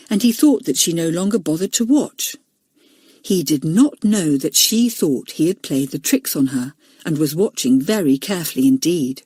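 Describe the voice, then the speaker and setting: A woman narrating a children's audiobook, expressive and voicing each character. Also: lowish voice, husky, no room sound, studio quality. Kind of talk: storybook narration.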